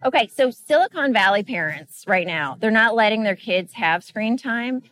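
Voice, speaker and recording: A woman interviewer with a fairly high voice. She asks her guest friendly questions and mixes in her own relatable stories about parenting. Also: expressive, moderate pace, fairly bright tone. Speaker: co-host interviewer.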